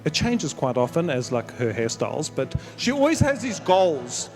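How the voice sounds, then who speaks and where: A middle-aged man giving a sentimental, halting wedding speech as father of the bride. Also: a little high, huge pitch swings, music in the background. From South Africa. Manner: sentimental, storytelling with halting restarts. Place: wedding reception.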